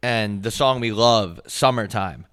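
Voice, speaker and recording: A young man co-hosting a casual comedic podcast, animated and prone to breaking into loud, high mock voices. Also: a little slow, no room sound, clean studio sound. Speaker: podcast co-host.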